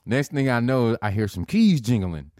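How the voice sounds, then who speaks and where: A man's voice: medium pitch, sing-song, mellow, no room sound, studio quality. A man in his thirties telling drinking stories in casual, profane chat. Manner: laid-back, profane, drawn-out storytelling.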